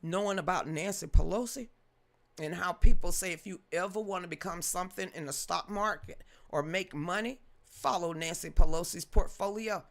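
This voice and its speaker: A woman's voice: on the low side, normal speed, vocal fry. A woman hosting a live-streamed news commentary show, ranting bluntly with slang and mild cursing while answering chat comments.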